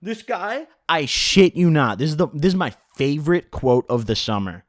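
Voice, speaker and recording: A young man tells a story for his vlog with animated, profane humor. His pitch is a bit high and swings a lot from line to line. The sound is dry and close to the mic. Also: normal speed, no echo. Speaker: vlogger.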